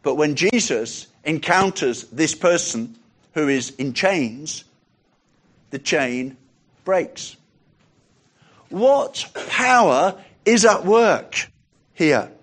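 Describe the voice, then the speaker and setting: A man preaching a sermon in a conversational way, dropping softer for quoted lines and lifting his voice when reading scripture aloud. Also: on the high side, lively intonation, drawn-out words, long pauses.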